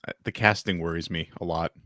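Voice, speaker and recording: A man's voice: low-pitched, fairly even intonation, fairly bright tone, no echo, studio quality. A man, a podcast co-host with young kids, chatting casually and restarting his sentences often. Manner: halting, many restarts. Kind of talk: casual chat.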